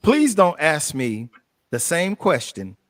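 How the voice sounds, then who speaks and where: A man's voice: fairly high pitch, huge pitch swings, slow, a bit bright, no echo. A man on a casual panel talk, exasperated and repeating his point for emphasis.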